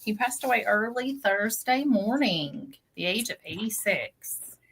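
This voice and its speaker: Woman co-host, gossip segment, very bright and sharp tone. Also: medium pitch, lively intonation, a little slow, husky, low-quality recording. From Southern US. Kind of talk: casual chat.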